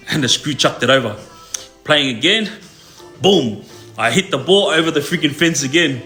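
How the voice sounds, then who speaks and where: With faint music behind him, a man who once served time shares prison stories casually with his livestream audience. He speaks at a moderate pace in a sharp, fairly high voice with lively intonation, staying relaxed and loose and full of fillers and tag questions.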